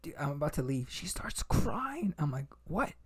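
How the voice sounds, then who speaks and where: A young male podcast host tells a story in casual chat packed with fillers, restarts and swearing. His voice is on the high side, sing-song and slightly rough, at a moderate pace.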